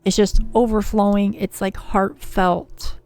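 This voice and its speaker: Gravelly-toned woman reading tarot on a livestream. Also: medium pitch, level tone, a little slow, a little mellow, soft background music. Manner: soothing, chatty, reads viewer names and card meanings. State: slightly scratchy voice from a cold. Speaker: tarot reader and livestream host.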